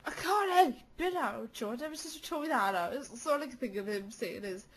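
A woman's voice: on the high side, lively intonation, fairly quick, slight background noise. A young woman recording casual voice clips into a handheld mic at home, giggling, swearing and teasing playfully. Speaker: voice clip maker. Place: cold room at home.

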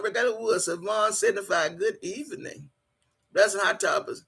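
Husky, playful woman hosting a livestream. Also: medium pitch, lively intonation, a bit bright. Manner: playful and teasing, laughs often, drawn-out sing-song greetings. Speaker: livestream host. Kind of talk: casual livestream chat, reading viewer comments aloud.

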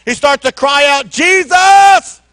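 High-voiced fiery male preacher. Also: moderate pace, dry recording. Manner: fiery call-and-response preaching, swings from soft to shouting. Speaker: pastor. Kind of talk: sermon. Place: church.

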